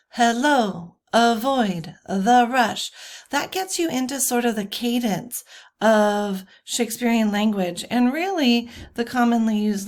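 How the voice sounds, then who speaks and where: Slow-speaking woman teacher, casual lecture. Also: fairly high pitch. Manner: casual, chatty with frequent fillers and self-corrections. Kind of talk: recorded lecture.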